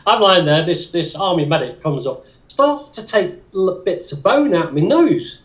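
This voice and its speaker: A man in his fifties tells rambling stories in an easygoing, casual chat. His voice sits fairly high for a man, and he often breaks into laughter while he talks. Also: lively intonation, normal speed, background noise.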